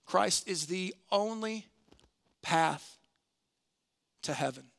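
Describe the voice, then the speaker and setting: A man preaching a sermon in church, earnest, slowing and softening on key phrases. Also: high-pitched, animated, vocal fry.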